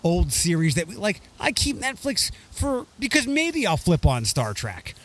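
A man's voice: sits high, a little slow. A young man co-hosting a casual podcast chat, rambling and restarting as he talks. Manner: rambling, animated, restarts often. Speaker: podcast co-host.

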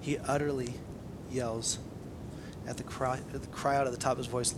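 A pastor preaches a conversational sermon in a medium-pitched, slightly quick voice, with background noise audible. He's animated and full of energy, acting out scenes as he goes.

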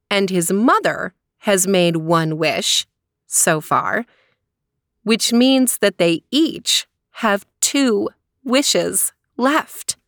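Slow, gentle woman storyteller. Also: mid-range voice, dry recording, clean studio sound. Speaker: storyteller host. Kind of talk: storytelling podcast.

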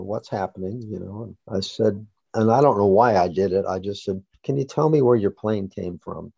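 A man being interviewed, recounting a personal story about his son in a halting way with restarts. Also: lowish voice, vocal fry, dark tone, no room sound, dull audio. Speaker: interview guest, father.

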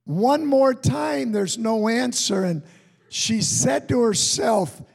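A high-pitched man preaching from the pulpit, his words unhurried and drawn out. His voice is husky and gravelly, carrying a long echo through the church hall. He moves between folksy storytelling and fervent exhortation. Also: expressive. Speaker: pastor. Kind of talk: sermon with storytelling. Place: church sanctuary.

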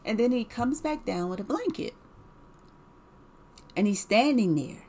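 A woman's voice: a little high, animated, a little slow, darkish tone, husky. A woman telling a personal story in a casual, rambling way, with many fillers, restarts and repeated words.

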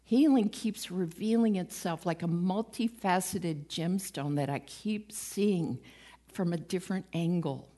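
Woman preaching in a lively storytelling way. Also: on the low side, unhurried. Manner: lively storytelling, acts out quoted voices, laughs at herself. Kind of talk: conversational sermon retelling Bible stories.

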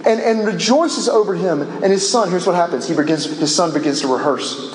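A man's voice: on the high side, fairly quick, hardly any pauses. A man preaching a sermon, impassioned and building with repetition. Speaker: pastor. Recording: echoey large hall.

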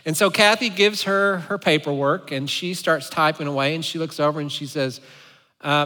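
At a moderate pace, a man gives a sermon full of lively, playful stories as a pastor. His voice is high, bright, and forceful, and it carries through the church sanctuary with a long, hall-like echo.

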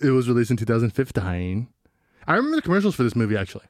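A young man co-hosting a podcast, telling stories quickly and acting out what people said. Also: medium pitch, no echo, clean studio sound. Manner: fast, animated storytelling with quoted voices. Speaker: podcast co-host. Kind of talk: casual podcast chat.

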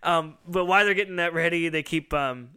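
Male podcast host, rambling storyteller, bright and crisp tone, slightly high voice. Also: a little fast. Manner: rambling storyteller who acts out quoted lines, laughs often. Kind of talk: casual chat.

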